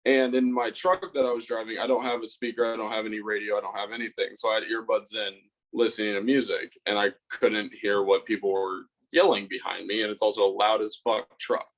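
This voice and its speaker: Poor audio carries a man's lowish, flat voice at a slightly fast clip. He's a young podcast co-host casually recounting a fight in a rambling way, swearing heavily and playing out his own lines.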